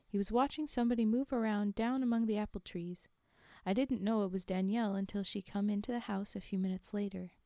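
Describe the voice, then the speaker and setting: A woman's voice: mid-range voice, fairly even intonation, fairly quick, warm tone, no room sound, clean studio sound. A woman streamer reading a story aloud, breaking off for chatty, laughing asides to her chat.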